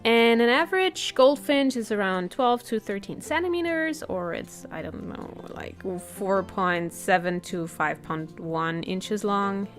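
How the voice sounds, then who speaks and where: A woman's voice: medium pitch, unhurried, few pauses. A woman chatting casually in a rambling way, often laughing, while she paints. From Central Europe. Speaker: art vlogger. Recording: faint guitar music behind.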